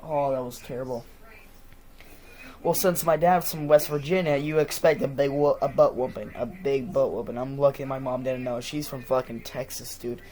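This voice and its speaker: A man's voice: medium pitch, fairly even intonation, normal speed, mellow. A man with a stuffy nose talking in a casual, rambling monologue, profane and full of fillers. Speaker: vlogger.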